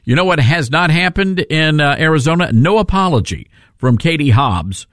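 A man's voice: fairly high pitch, animated, moderate pace, fairly bright tone, no echo. A male talk radio host on a studio mic, combative and sarcastic. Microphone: studio microphone.

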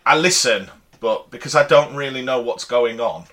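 A man cohosts a casual podcast in a teasing, jokey way while reading listener messages. His voice is bright and forward, set at a middle pitch for a man. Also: moderate pace. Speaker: podcast co-host.

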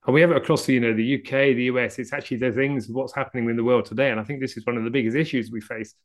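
A man's voice: mid-range voice, fairly even intonation, rapid-fire. A man hosting an interview podcast, affirming his guest and summing up points with rhetorical tag questions. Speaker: podcast host. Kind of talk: casual interview chat.

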